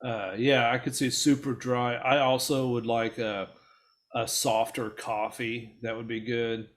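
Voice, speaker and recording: A man co-hosting a casual podcast, chatting about cigars and throwing in quick wisecracks. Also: medium pitch, flat delivery. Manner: quick wisecracks, laughs easily. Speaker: podcast co-host. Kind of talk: casual chat.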